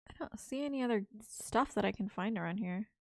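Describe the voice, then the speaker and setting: A woman's voice: medium pitch, brisk, vocal fry, dry recording, studio quality. A young woman chatting casually while she plays a game, rambling and swearing when she gets stuck. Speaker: streamer. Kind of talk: casual live-stream commentary while playing.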